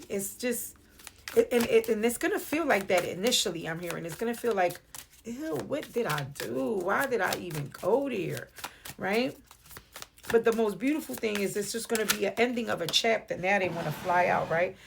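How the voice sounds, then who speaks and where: Woman, New York accent, tarot reader, casual and playful, gravelly fry, faint background hiss. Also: medium pitch. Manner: chatty, playful, addresses viewer as beloved. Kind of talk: casual spiritual reading to camera. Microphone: phone or webcam on video.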